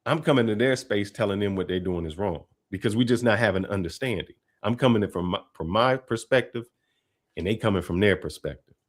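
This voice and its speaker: Laid-back low-voiced male commentator. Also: fairly quick. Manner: relaxed, conversational, laughs often. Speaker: host. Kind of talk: casual commentary.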